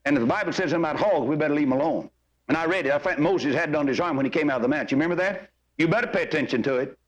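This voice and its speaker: An older preacher with a notably high voice exhorts his listeners in a folksy, storytelling manner. He swings from homespun tales to earnest appeals. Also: rapid-fire, muffled recording. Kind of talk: sermon.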